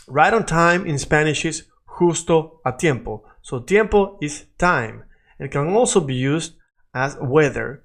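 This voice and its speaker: A man from Latin America runs a loose, improvised Spanish lesson, his voice sitting a little higher than most men's. He coaches pronunciation by stretching out sounds and repeating them slowly for the learner to copy. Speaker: Spanish teacher.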